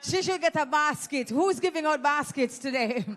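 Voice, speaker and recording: Jamaican woman MC, high voice, teasing crowd-work host on a handheld mic. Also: moderate pace. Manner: playful, teasing, exclamatory. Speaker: event host. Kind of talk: lively audience giveaway hosting. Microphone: handheld microphone.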